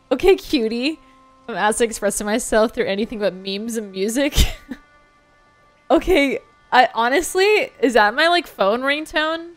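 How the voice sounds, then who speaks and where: A young adult woman chats live on her stream while gaming, her voice a touch high. She giggles often and gushes, swearing casually as she talks. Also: expressive, unhurried, pauses often, dry recording, faint music behind. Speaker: livestreamer.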